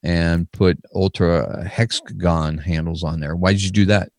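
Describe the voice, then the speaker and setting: A man's voice: deep voice, steady tone, measured pace, no room sound, clean studio sound. A man co-hosting a casual chat, rambling with fillers and lisping slightly from fresh stitches in his mouth. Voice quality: filler-heavy, rambling storytelling. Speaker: podcast co-host.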